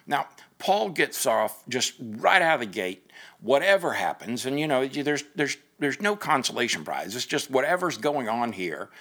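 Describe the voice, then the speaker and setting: A man, the pastor, giving a relaxed, conversational weekday podcast sermon, upbeat and encouraging, sometimes stumbling and repeating words. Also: medium pitch, moderate pace.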